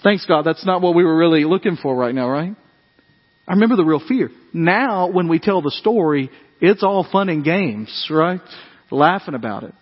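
A man preaching a sermon, telling animated family stories in a conversational way and acting out the voices. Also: on the high side, normal speed, big-room sound, lo-fi sound. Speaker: pastor. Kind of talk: sermon storytelling.

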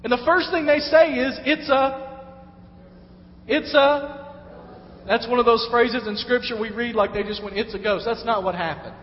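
High-voiced man preaching in an echoey hall. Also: moderate pace, long pauses. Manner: conversational preaching, acts out quoted voices. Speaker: pastor. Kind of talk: sermon. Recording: echoey hall, dull lo-fi sound.

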